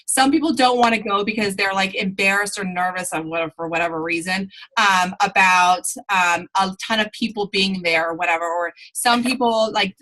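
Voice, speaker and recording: A woman with a bright, forceful tone leads a live online training for her sales team over a computer mic. She talks in a chatty, rambling way, circling back and correcting herself mid-sentence. Her pitch sits in an ordinary middle range. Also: poor audio.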